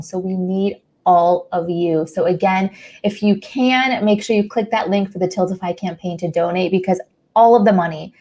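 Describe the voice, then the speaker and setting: A woman's voice: mid-range voice, darkish tone. A young woman hosting a charity livestream, talking in a gushing, effusive and emotional way. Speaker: livestream host. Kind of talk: casual livestream chat.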